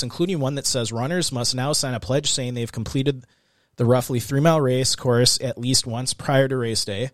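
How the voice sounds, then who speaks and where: Late at night, a tired man hosts a casual true-crime podcast, reading quotes aloud before drifting into loose chat. His voice is mid-range, and the recording is clean studio sound with no room noise.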